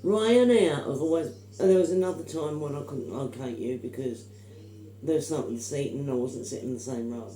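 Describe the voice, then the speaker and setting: A woman's voice: rumbling low, fairly quick, dark tone, roomy sound, slight background noise, low-quality recording. A middle-aged woman, telling stories in casual chat, emphatic and opinionated. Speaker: vlogger.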